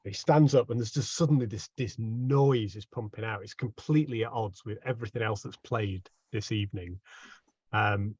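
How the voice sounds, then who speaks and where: A man playing a tabletop game who narrates his character's antics in a lively way, laughing often. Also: fairly low pitch, moderate pace, slightly rough, no echo. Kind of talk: animated in-character storytelling. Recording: dull, dry home mic audio.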